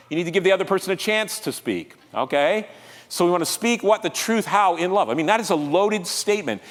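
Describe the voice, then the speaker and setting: A man preaching a sermon as pastor, conversational and lively, drawing the congregation into call-and-response. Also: high voice, in a large hall. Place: church sanctuary.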